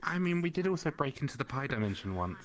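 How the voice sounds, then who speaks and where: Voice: mid-range voice, big pitch swings, quick pace. A roleplayer in an online game who jokes and stammers through lines. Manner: stammering, joking. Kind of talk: in-character roleplay banter.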